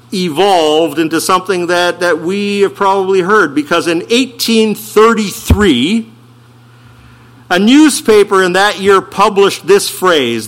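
Emphatic preacher with a bright, forceful voice. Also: male voice, sits high. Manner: emphatic preaching with slowed, stressed phrases and rhetorical questions. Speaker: pastor. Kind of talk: sermon.

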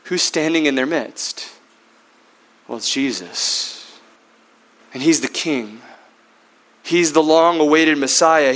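A man's voice: on the high side, a bit bright. A man preaching a teaching sermon, often asking his listeners questions and answering them himself. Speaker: Bible teacher.

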